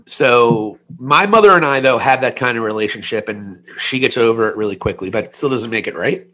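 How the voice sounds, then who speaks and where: A man in his forties co-hosts a casual podcast, his mid-range voice expressive, fairly quick, and pushed and bright. He spins a candid, meandering tale about himself, laced with self-deprecating humor.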